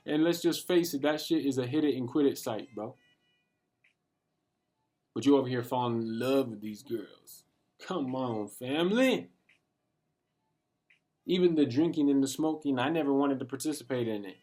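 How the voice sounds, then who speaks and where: A man's voice: a little high, a little mellow. A man giving a passionate, profane motivational rant full of street slang, talking straight to his viewers. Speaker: vlogger. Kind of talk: casual motivational rant to camera.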